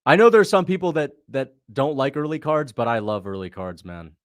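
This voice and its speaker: A man's voice: medium pitch, very animated, no room sound, studio quality. A young man casually hosting a livestream, chatting loosely, laughing easily and thanking viewers as he reacts. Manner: loose, chatty, quick to laugh, reads out donations. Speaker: livestream host reacting to fights.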